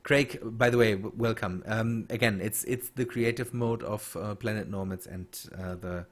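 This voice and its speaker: A man streaming a game and chatting with viewers, halting and restarting as he reads chat. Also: fairly low pitch, steady tone. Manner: halting, many restarts and fillers while reading chat. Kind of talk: casual gameplay stream chat.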